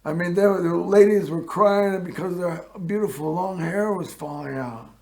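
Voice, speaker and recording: A man hosting a local TV show, telling a personal story in a rambling way and often clearing his throat. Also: high-pitched, normal speed, a little mellow. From Northern California. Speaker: host.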